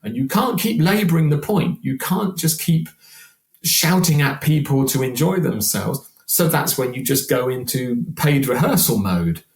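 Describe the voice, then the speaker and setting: A man in his sixties, a singer guesting on a podcast, talking in an animated, chatty way and often repeating words. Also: mid-range voice, a little slow, vocal fry. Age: 60s. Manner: animated, chatty, repeats words while acting out quoted voices. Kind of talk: casual podcast conversation. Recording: roomy echo.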